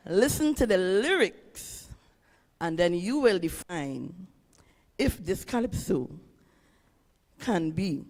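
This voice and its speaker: A woman from Trinidad and Tobago with a Trinidadian accent, a calypsonian introducing her song from a ceremony stage in an earnest, halting way. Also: fairly low pitch, animated, darkish tone, in a large hall. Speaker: calypsonian and guest performer.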